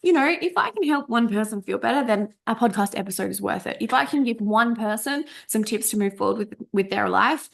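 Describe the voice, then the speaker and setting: A woman's voice: medium pitch, lively intonation, brisk, vocal fry, hardly any pauses. A woman coach in her thirties giving a casual spoken workshop, chatty and emphatic, swearing freely and tripping over her words, a little coughy, recorded on a desk microphone over a video call. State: a bit coughy. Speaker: coach running a podcast workshop. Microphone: desk USB microphone over a Zoom recording.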